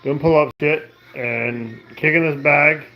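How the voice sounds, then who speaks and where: Relaxed, rambling man on a home livestream. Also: fairly high pitch, a little slow, dull audio. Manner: relaxed, rambling, repeats "okay?". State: drinking, tipsy. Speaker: livestream host. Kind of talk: casual livestream chat. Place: living room at home.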